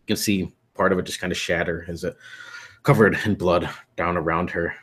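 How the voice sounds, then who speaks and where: A man's voice: low voice, steady tone, fairly quick, slightly rough. A man running a horror tabletop game as game master, narrating grisly scenes with casual fillers.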